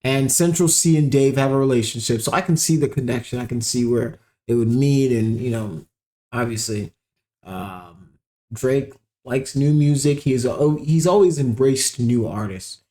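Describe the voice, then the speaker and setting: A man's voice: mid-range voice, moderate pace. Rambling man hosting a reaction commentary. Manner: rambling, filler-heavy, animated outbursts. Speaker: commentary show host.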